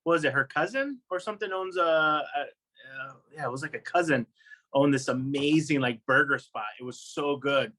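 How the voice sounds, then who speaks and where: A podcast co-host chatting casually with a bright, forceful tone. They tease their partner and jump in with quick reactions. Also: mid-range voice. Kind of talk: casual chat.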